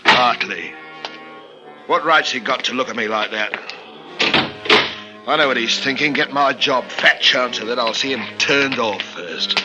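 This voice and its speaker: An actor playing a lonely, bitter working-class hangman in a radio drama, muttering sullenly and flaring into shouts. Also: medium pitch, measured pace, long pauses, music in the background, lightly acted, poor audio.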